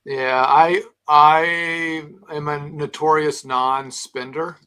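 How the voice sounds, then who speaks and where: A man who is a guest on a live call-in show, talking in a soft-spoken, hesitant way. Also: a little high, fairly even intonation, slow pace, smooth. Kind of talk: casual call-in chat.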